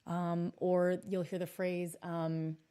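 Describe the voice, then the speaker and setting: A woman in her thirties, a coach and podcast host, telling a story in a blunt, animated monologue and swearing for emphasis. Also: on the low side, slow, clean tone.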